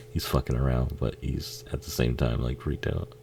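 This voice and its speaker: A man's voice: very deep voice, steady tone, brisk, creaky, few pauses, warm tone, slight background noise. A man giving a casual, rambling watch-along commentary on a film, swearing freely and laughing often.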